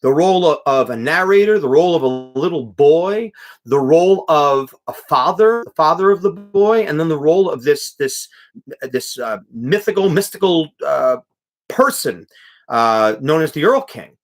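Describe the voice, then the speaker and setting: A man's voice: on the high side, animated, moderate pace. A young man, a music teacher, hosting a live stream, reading chat comments aloud and talking casually with many restarts and fillers.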